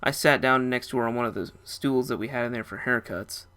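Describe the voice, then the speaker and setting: A man's voice: medium pitch, brisk, bright, forceful tone, smooth. A young man narrating a first-person story in a casual, rambling way.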